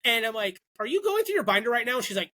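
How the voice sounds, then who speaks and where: A man's voice: very high-pitched, quick pace. A young man co-hosting a podcast, telling a story in casual chat and acting out the voices of the people he quotes. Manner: animated, acts out quoted voices. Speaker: podcast co-host.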